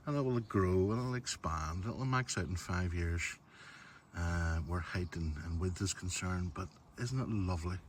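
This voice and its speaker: A Northern Irish garden vlogger with a lowish voice gives a casual walk-through tour of his garden at a moderate pace, chatting away and calling viewers "folks." He speaks straight into a phone camera held as he walks outdoors, with faint background noise.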